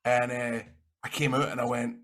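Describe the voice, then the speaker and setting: A man with a Scottish accent, a guest in an interview, telling rambling, animated stories and swearing freely. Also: mid-range voice, normal speed. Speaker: interview guest, actor and wrestler. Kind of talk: casual anecdotal storytelling.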